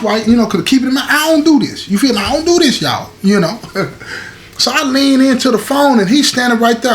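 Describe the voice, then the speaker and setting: Male storyteller, higher voice with wide swings, chatty, keeps checking in with his audience. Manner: animated, addresses the audience with "you feel me" and "y'all". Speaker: storyteller recounting prison life. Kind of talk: casual storytelling to viewers.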